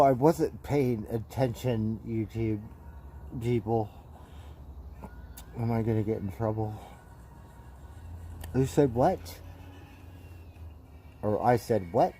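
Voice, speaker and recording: A man's voice: mid-range voice, dark tone, slight background noise, rough recording. A man hosting a casual livestream, rambling playfully and tagging his lines with "right?". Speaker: livestream host. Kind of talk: casual live-stream chat.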